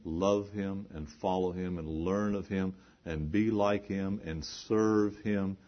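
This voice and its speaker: A man's voice: low voice, steady tone, slow. A male preacher delivering an emphatic sermon, repeating phrases and posing rhetorical questions. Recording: dull lo-fi recording.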